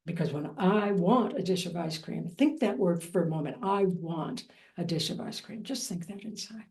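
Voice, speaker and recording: A woman teaching Buddhist practice in a dharma talk, gentle and reflective with a light playful touch. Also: lowish voice, vocal fry.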